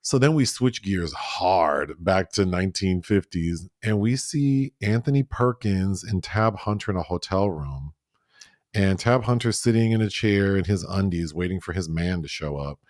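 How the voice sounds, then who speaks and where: Low-voiced man recapping a show. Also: lively intonation, moderate pace, darkish tone, no room sound, studio quality. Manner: chatty, laughing, acts out characters' lines. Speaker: film review podcast co-host. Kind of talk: casual recap chat.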